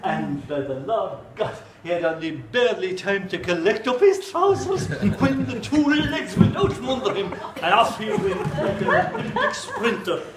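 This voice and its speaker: A man with an Irish accent telling a folk tale live in an animated way, full of comic asides. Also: sits high, normal speed, few pauses, roomy sound, crowd noise, rough recording. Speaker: storyteller.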